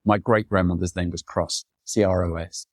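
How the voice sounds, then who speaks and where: A photographer guesting on a podcast tells long, wandering personal stories in a reflective conversational tone, mimicking whoever he quotes. He has a low-pitched voice with fairly even intonation and a normal pace, in a dry recording.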